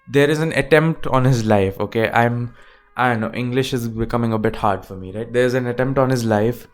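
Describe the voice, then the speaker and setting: Male podcaster, mid-pitched, loose chatty delivery with many restarts, soft music underneath. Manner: rambling, self-correcting, loose and chatty. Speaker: movie review podcaster. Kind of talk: casual solo film discussion. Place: home room with an open window.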